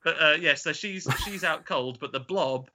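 Bright-voiced man recapping a film. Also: on the high side, moderate pace. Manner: chatty, joking storyteller who often laughs. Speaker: podcast host. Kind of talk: casual film recap chat.

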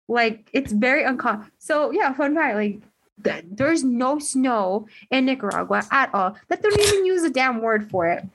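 A young woman from Los Angeles in casual podcast chat, swearing freely as she tells stories and jumps into high, squeaky voices to act out the people in them. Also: lively intonation, normal speed. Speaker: podcast co-host.

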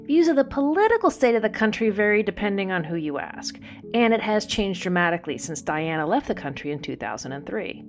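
Lively woman podcast host narrating. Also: mid-range voice, fairly quick, faint music behind. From Southern California. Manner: lively storyteller, playful asides.

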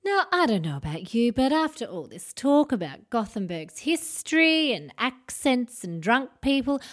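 A woman from Sweden with a Stockholm accent, hosting a podcast and telling stories in a chatty, lively way. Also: a little high, no echo, clean studio sound. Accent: Stockholm Swedish. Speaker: podcast host. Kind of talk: casual podcast narration.

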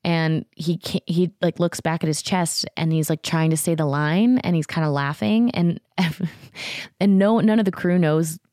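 A woman in her thirties hosting a podcast, telling a story in a chatty, animated way with lots of fillers and acted-out quotes. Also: on the low side, measured pace, no echo, clean studio sound. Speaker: podcast host. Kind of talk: casual storytelling chat.

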